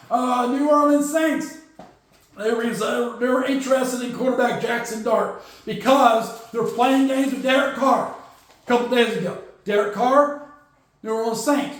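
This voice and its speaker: A man hosting a casual solo sports podcast, rambling and joking as he acts out teams and players in quick put-on quotes. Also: very high-pitched. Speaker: podcast host. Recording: very echoey room.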